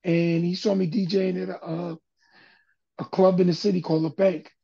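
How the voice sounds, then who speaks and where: A man's voice: high voice, moderate pace, creaky, slightly rough, muffled recording. An older man, a music producer and guest, telling stories in a casual interview and acting out other people's voices as he goes. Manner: animated storyteller, acts out quoted voices.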